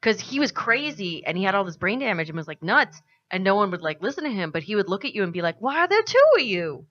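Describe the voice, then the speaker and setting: A woman's voice: medium pitch, fast talker. A woman co-hosting a radio show, chatting casually and animatedly about a video game. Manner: animated, acts out characters with jokes. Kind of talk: casual game review chat. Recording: dull lo-fi radio broadcast.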